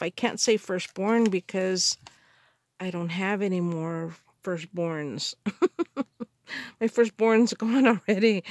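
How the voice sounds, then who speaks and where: A woman in a casual craft haul video, gushing with excited gasps and exclamations over the supplies she unpacks. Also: medium pitch, slow pace, no echo. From Canada. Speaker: crafter unboxing mail.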